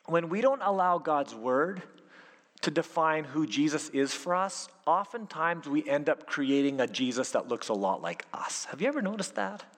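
A man preaching as a youth pastor, animated and full of rhetorical questions. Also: a little high, moderate pace. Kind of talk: sermon. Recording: long hall reverb.

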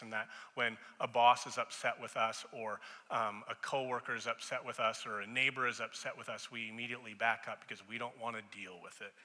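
A male pastor in his thirties preaches in a conversational way, lending voices to the people he quotes. His tone is very bright and forward. His words trail off into a long reverb, as from a church sanctuary. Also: mid-range voice. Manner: conversational preaching, acting out quoted voices and rising loud in stories. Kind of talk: sermon.

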